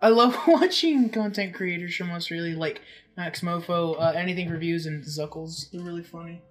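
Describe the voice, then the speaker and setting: A woman's voice: on the low side, normal speed. A woman joking and teasing in a casual podcast chat, laughing often. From United States. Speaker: podcast co-host.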